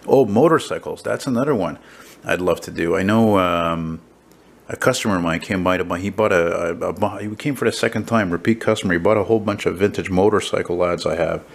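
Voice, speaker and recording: Low gravelly man rambling on camera. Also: a little fast, rough recording. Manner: rambling, chatty, lots of fillers and restarts. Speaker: painter vlogger. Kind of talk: casual handheld vlog chat. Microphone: handheld camera mic.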